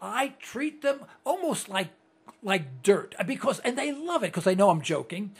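Husky older radio host. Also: mid-range voice, sing-song, normal speed. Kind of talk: casual radio chat.

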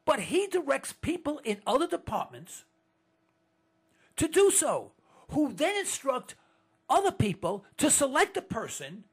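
A high-pitched political commentator addresses listeners in an indignant monologue, firing off rhetorical questions and stumbling into stammered restarts.

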